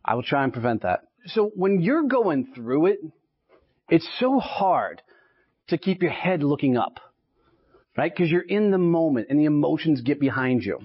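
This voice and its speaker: A man's voice: a little high, sing-song, normal speed, breathy edge. Punchy Texan man giving a speech. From Texas. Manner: punchy storytelling, keeps checking in with "right?". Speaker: sales speaker. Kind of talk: motivational speech to a live audience. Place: association meeting in front of an audience. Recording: dull lo-fi live speech recording.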